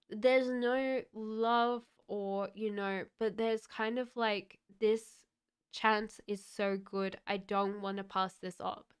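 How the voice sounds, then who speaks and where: Woman tarot reader on a live stream, gentle and halting, unhurried delivery, very clean clear voice. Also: medium pitch. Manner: gentle, halting, many fillers. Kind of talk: live-streamed card reading.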